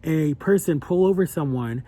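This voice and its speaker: A man's voice: fairly high pitch, moderate pace, mellow. A young adult man talking earnestly and emotionally in a personal vlog, his voice climbing when he gets upset. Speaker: vlogger.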